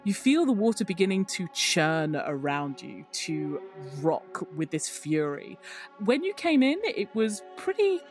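Low-voiced woman game master. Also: very animated, measured pace, darkish tone, faint music behind. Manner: descriptive, hesitant fillers. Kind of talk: narrating a tabletop game.

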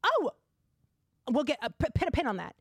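A woman's voice: high-pitched, huge pitch swings, normal speed, no echo, clean studio sound. A young woman hosting a podcast, chatty and giggly, filling her talk with "like". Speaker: podcast host. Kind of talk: casual chat.

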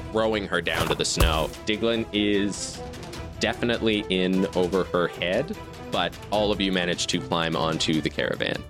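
Low-voiced male game master over music. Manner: descriptive, loose storytelling with fillers. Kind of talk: narrating a tabletop game.

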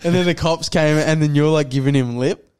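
A man's voice: fairly high pitch, brisk, a loud crowd. A man co-hosting a podcast, telling a story full of swearing and acted quotes in casual chat. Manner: swears often, animated retelling with acted quotes. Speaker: podcast co-host.

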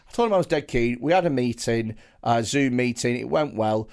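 A man's voice: mid-range voice, animated, brisk, vocal fry, a little mellow. A man co-hosting a comedy podcast, telling a rambling story in casual chat with many restarts. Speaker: podcast co-host.

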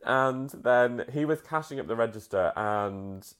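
Male co-host, giggly anecdote teller, mid-pitched voice. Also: a little slow, a bit bright, clear, resonant tone. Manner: giggly, self-mocking storyteller. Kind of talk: casual anecdote chat.

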